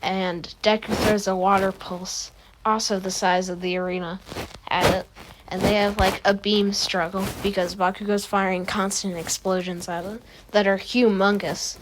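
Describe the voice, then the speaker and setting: A woman's voice: medium pitch, level tone, moderate pace, background noise. A woman casually telling a fan story as a video narrator, rambling with fillers and restarts.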